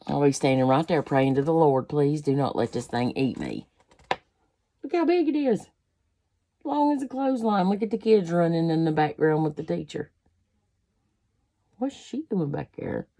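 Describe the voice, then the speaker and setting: A woman's voice: deep voice, sing-song, normal speed, pauses often, dark tone. A woman reading a children's picture book aloud, breaking off for folksy asides to her listeners. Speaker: storybook reader.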